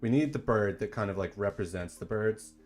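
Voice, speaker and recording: A man hosting a casual livestream in a laid-back, slangy way that turns excited at times. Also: lowish voice, a little fast, faint music behind. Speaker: streamer and dungeon designer.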